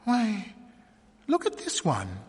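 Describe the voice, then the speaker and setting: A man's voice: high-pitched, huge pitch swings, slow, big-room sound, voice pushed up, exaggerated voice. A man voicing a timid, hesitant sheriff's wife. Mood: timid, troubled. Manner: thin, hesitant, indecisive. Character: timid, nervous farm-country sheriff's wife. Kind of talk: reading a story aloud.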